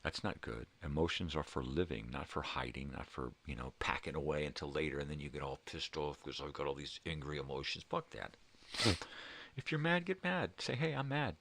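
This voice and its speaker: Very deep, gravelly-voiced older man. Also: animated, fairly quick, fairly bright tone, a little hiss or hum. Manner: profane, emphatic, rambling with many "you know"s; emotional, heartfelt. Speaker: vlogger. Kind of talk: casual monologue.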